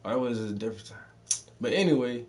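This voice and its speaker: A man in his thirties with a mixed Southern and Northern US accent, spinning stories in a loose, profane street style. He talks casually and laughs often, his voice sitting at a middling pitch. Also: lively intonation, a little fast. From Southern United States. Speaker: podcast host telling stories. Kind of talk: casual storytelling.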